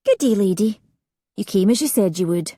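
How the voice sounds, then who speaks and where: A woman voicing an otherworldly young woman who speaks calmly and matter-of-factly, repeating her words. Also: mid-range voice, normal speed, dry recording, natural voice. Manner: calm, matter-of-fact, repetitive. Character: odd, otherworldly young woman, calm and blank.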